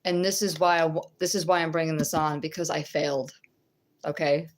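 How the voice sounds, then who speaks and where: A middle-aged woman giving a religious teaching and testimony, conversational and halting, often checking in with the listener. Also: low-pitched, flat delivery. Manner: halting, with restarts.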